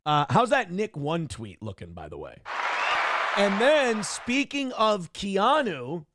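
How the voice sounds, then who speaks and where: A man's voice: high-pitched, big pitch swings, takes it slowly, over a noisy crowd, very noisy. A man hosting a stream, ranting in a snarky, smug, mocking way. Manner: mocking, taunting asides. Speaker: streamer host. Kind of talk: casual ranting commentary.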